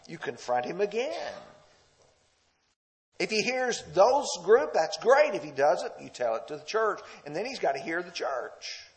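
Male preacher, high and lively voice, emphatic verse-by-verse sermon delivery. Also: unhurried. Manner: emphatic and confrontational at times; leads the listeners through texts verse by verse.

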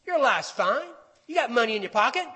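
A man's voice: very high voice, big pitch swings, a little fast, pushed and bright, heavily acted. A man voicing the lying voice of the devil, mocking and scornful in a raised voice. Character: taunting lying voice of the devil, male. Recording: echoey hall with long reverb.

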